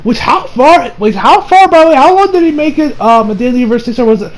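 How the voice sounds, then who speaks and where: A man's voice: very high-pitched, expressive, quick pace. A man giving a casual anime episode review in a rambling, slangy way, full of fillers and loose asides.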